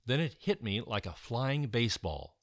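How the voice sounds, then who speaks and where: A man reading a children's chapter book aloud with an expressive, animated delivery. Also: mid-range voice, normal speed, no room sound, clean studio sound. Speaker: storyteller.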